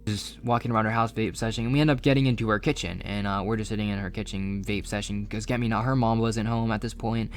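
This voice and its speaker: A man's voice: on the low side, fairly even intonation, fast talker, hardly any pauses, slight background noise. A young man telling a casual storytime monologue, rambling and swearing with plenty of fillers. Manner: rambling, profane, filler-heavy. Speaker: storyteller vlogger.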